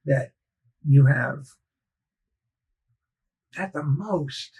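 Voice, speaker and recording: A man with a gravelly, husky voice tells a story in relaxed conversation. He is measured and logical, and he slips into quick voices to replay old exchanges with customers. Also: a little high, rough recording. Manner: storytelling, acting out past dialogues, measured and logical. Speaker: guest recounting his sales career. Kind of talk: casual conversation.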